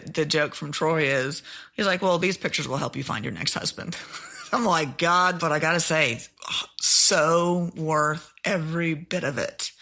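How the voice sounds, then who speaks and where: A woman's voice: sits low, bright, forceful tone. A middle-aged woman hosting her own podcast, talking candidly and unscripted in a chatty, self-deprecating way. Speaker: podcast host. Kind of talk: unscripted solo podcast monologue.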